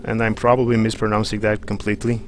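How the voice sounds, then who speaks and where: A man's voice: lowish voice, monotone, quick pace, slight background noise. A man hosting a livestream, chatting and joking in a rambling way while he plays a game. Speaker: livestream host. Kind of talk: let's play commentary.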